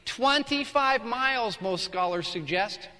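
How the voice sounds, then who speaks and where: A man preaching a sermon as pastor, acting out scenes and swinging from hushed to shouting. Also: very high-pitched, expressive, a little slow. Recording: long hall reverb.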